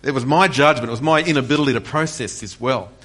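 A man's voice: mid-range voice, fast talker. A man in his forties preaching a passionate sermon with personal testimony, rising in intensity on key points. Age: 40s. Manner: passionate, rising to near-shouts on key points, with frequent restarts. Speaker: pastor.

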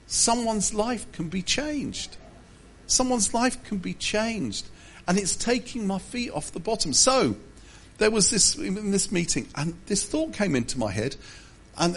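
A man's voice: high-pitched, breathy edge. A man pastor giving a humorous sermon, telling self-deprecating stories with asides. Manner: self-deprecating storytelling with jokes.

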